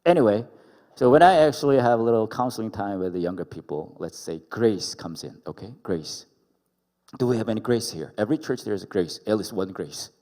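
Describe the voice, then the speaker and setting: Male pastor, playful sermon, low voice, gravelly, long hall reverb. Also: animated, normal speed, dark tone. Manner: playful, jokes with the congregation. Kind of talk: sermon with storytelling. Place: church worship hall.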